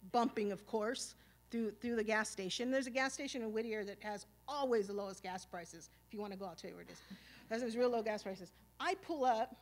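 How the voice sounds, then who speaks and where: Streetwise Los woman telling stories. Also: on the high side. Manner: casual, streetwise and profane, full of "you know" and "like"; animated, acting out past arguments. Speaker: speaker. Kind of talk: storytelling talk at a symposium. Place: stage at a live event.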